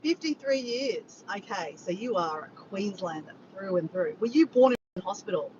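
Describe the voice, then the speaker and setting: An Australian woman chatting casually and excitably to viewers on a live stream, recorded outdoors on a phone. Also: medium pitch, moderate pace, lo-fi sound, background noise. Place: outdoors after a walk.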